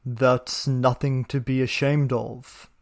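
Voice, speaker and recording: Dude doing sarcastic reaction commentary, slow and mocking. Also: male voice, medium pitch, flat delivery, creaky. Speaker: commentary video host.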